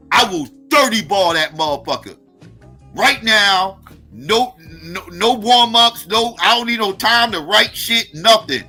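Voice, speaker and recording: A man hosting a live stream, reacting in a heated, profane rant with repeated, drawn-out emphasis. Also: high-pitched, pushed and bright.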